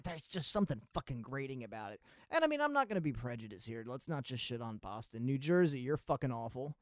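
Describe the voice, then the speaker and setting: A man's voice: mid-range voice, sing-song, quick pace, few pauses, music in the background. A man from Maryland hosting a casual movie podcast, rambling, sarcastic and profane. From Maryland, USA. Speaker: podcast host.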